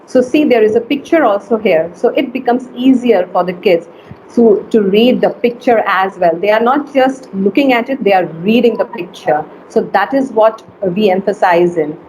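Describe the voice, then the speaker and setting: A woman teacher giving an online phonics lesson, slowly stretching and sounding out letters and words. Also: mid-range voice, darkish tone, a little hiss or hum, poor audio.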